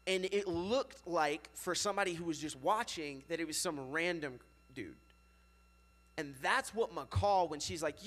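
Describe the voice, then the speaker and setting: Preaching a little slowly, a young youth pastor addresses his youth group in a high voice. He sounds loose and chatty, peppering his sentences with casual filler words while keeping up animated energy.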